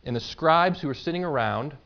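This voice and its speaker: A man preaching a sermon in a conversational way, explaining with everyday examples and quick asides. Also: fairly high pitch, lively intonation, gravelly, a bit bright, dull audio. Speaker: pastor.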